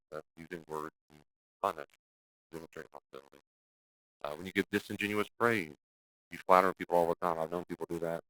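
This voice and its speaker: A man with a very low voice, recorded dry and close, teaches a church class as its pastor. He talks directly and casually, often restarting his sentences, and breaks into exaggerated voices when he acts out what people say. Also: quick pace, no echo, low-quality recording. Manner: lively, acts out quoted speech in exaggerated voices; direct, conversational, with frequent restarts.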